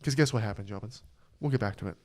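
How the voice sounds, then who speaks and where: A podcast host telling a rambling, profane work story in casual chat. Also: male voice, on the low side, quick pace, darkish tone.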